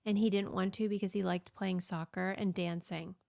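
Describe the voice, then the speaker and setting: A woman co-hosts a podcast in easy, casual chat. She tells stories with wry asides, and her voice carries a gravelly, creaky edge at an ordinary pitch. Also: steady tone, normal speed, mellow. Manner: chatty storyteller, wry asides. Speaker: podcast co-host.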